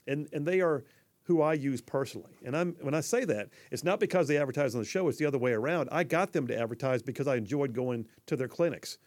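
A man's voice: medium pitch, fast talker, a little mellow. A man from Alabama with a Southern accent, hosting a conservative talk radio show in a folksy, emphatic, chatty way.

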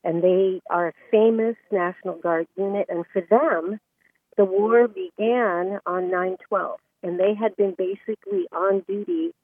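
A woman's voice: mid-range voice, fairly even intonation, unhurried, husky, dry recording. A woman calling in to a radio talk show, telling an earnest, emotional story. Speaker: caller. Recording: tinny phone line, dry.

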